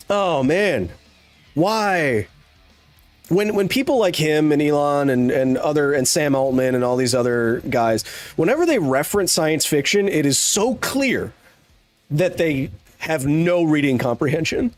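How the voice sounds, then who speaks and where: A man's voice: a little high, lively intonation, takes it slowly, long pauses, soft background music. A man hosting a live stream, ranting casually in a sarcastic, exasperated way. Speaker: streamer host.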